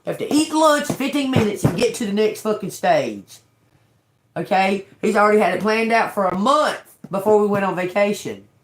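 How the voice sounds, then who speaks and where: A woman's voice: mid-range voice, animated, normal speed, a little hiss or hum. Profane laughing woman, echoey room. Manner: blunt, profane, laughing storyteller. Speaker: tarot reader livestreaming. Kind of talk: casual storytelling chat.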